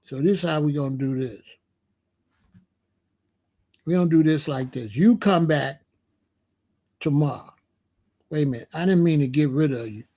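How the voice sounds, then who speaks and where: A man's voice: a little high, dark tone. A man in his sixties talking casually on a livestream, answering chat in a blunt, emphatic way and often repeating himself. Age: 60s. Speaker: host.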